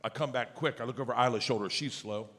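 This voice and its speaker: A man narrating a family story in a slow, deadpan way, recorded in a noisy, reverberant hall. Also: mid-range voice. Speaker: comedian.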